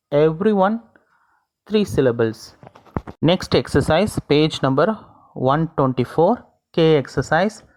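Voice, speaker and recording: A teacher with an Indian English accent reading out textbook exercises and their answers one by one, in a deliberate dictating manner. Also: medium pitch.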